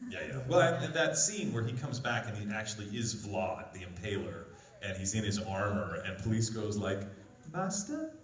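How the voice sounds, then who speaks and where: Animated man telling stories in a roomy hall. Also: on the low side, background noise. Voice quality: animated, acts out quoted voices. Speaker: voice actor guest on a convention panel. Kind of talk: anecdotal panel storytelling. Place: large convention hall. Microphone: phone recording from the audience. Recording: roomy, distant hall sound with faint crowd ambience.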